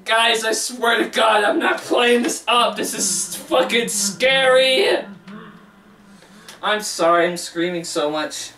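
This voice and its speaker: A woman's voice: medium pitch, unhurried, few pauses, bright, forceful tone, roomy sound, recorded from a distance. A woman gamer at home commentating a horror game, jumpy and swearing, often screaming. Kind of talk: let's play commentary. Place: at home, indoors.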